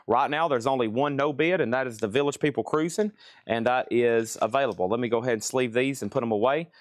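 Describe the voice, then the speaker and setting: A middle-aged man hosting a live record sale stream, listing items and calling bids in a brisk, casual patter from a record store. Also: mid-range voice, no room sound, studio quality. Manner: brisk auctioneer-style listing, casual asides. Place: record store with crates and tables.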